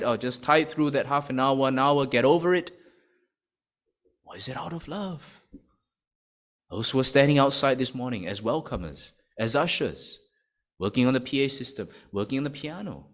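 A man preaching a sermon to his church, asking rhetorical questions and often checking in with "right?". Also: a little high. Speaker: pastor.

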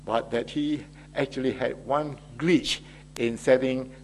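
A man preaching a Father's Day sermon as pastor, in a measured delivery with frequent hesitations. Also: medium pitch, steady tone, darkish tone, slight background noise.

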